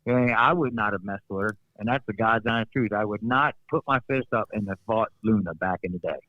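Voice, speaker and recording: A man's voice: on the low side, brisk, no echo, lo-fi sound. A man, a former wrestler, telling stories in a casual interview, acting out quotes and laughing often. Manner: animated storyteller, acts out quotes, laughs often.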